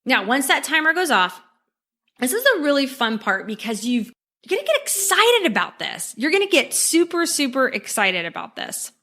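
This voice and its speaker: A woman's voice: high-pitched, big pitch swings, moderate pace, sharp tone. A woman hosting a podcast, giving upbeat motivational coaching and talking straight to the listener, checking in with a frequent "okay?". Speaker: podcast host.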